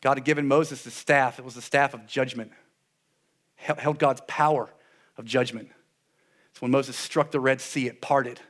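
A man preaching a sermon in an animated way, with sarcastic asides, dropping his voice low for solemn points. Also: moderate pace, pauses often. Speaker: pastor.

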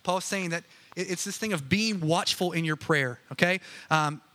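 A man's voice: high-pitched, normal speed, pushed and bright. A man preaching a casual, conversational sermon, chatty and joking with many asides. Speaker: pastor.

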